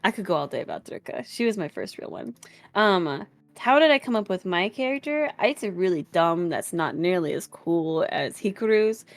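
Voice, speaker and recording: A woman's voice: lowish voice, lively intonation, moderate pace, faint music behind. A woman chatting casually on a live stream about her tabletop game character and her cats, in a bubbly, rambling way.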